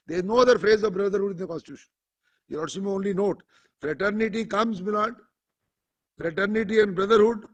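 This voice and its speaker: A man's voice: high-pitched, husky. A man with an Indian English accent arguing before a court, formally calling the judges "my lord" at nearly every turn and reading passages aloud from a judgment. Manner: formal, addresses the bench as "my lord" constantly. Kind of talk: courtroom argument.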